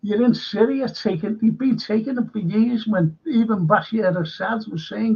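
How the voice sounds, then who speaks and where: Gravelly, husky man ranting on a stream. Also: high-pitched, normal speed, few pauses, muffled recording. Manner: ranting, swearing, greeting viewers in chat. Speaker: live-stream host. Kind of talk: live-stream current-affairs commentary.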